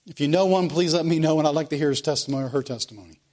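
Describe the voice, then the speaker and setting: A man's voice: a little high, rapid-fire, a little mellow. A man preaching a sermon, asking the congregation questions and reading scripture aloud. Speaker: pastor.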